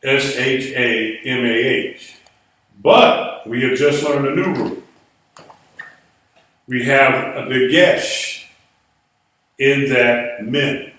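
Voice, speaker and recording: With a mid-range, fairly bright voice, a man teaches Biblical Hebrew in a lecture style, slowly and with frequent pauses, patiently explaining rules and spelling words letter by letter. The recording has an echoey room sound, with his voice distant from the mic.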